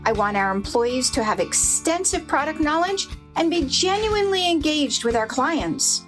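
A woman's voice: high-pitched, very animated, normal speed, a bit bright. A woman, a car dealership owner, reading a scripted radio commercial. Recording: ad with music bed.

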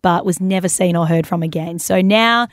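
A woman's voice: on the low side, normal speed, dry recording, studio quality. A woman co-hosting a radio show, chatting casually and joking around. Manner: playful, jokey, trying out silly voices. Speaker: radio co-host.

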